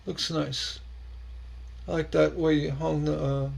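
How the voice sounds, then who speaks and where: A man's voice: fairly high pitch, level tone, takes it slowly, creaky, a little mellow, slightly rough, poor audio. A man hosting a casual stained glass livestream, rambling and chuckling as he reacts to viewers' posts, often stammering and repeating words.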